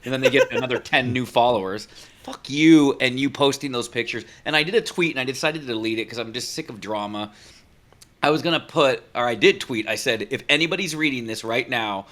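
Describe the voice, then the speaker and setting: A young man co-hosting a casual podcast, his voice bright and pushing forward. He gets fired up and swears freely, running through his points in quick, animated bursts. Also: medium pitch. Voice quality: excitable, profane, fast bursts. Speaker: podcast co-host. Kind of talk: casual chat.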